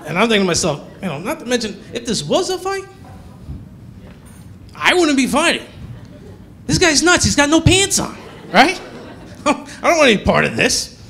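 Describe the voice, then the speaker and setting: A male comedian on a club stage tells a story in a high, gravelly voice. His pitch swings widely as he acts out each character. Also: huge pitch swings, moderate pace, pauses often, sharp tone, some chatter behind, slight background noise. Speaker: stand-up comedian.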